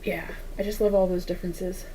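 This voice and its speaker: A woman's voice: fairly low pitch, steady tone, brisk, warm tone, slight background noise, rough recording. A woman hosting a quilting livestream, chatting casually and rambling while she sews, reading viewer comments aloud and laughing often. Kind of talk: casual chat while sewing.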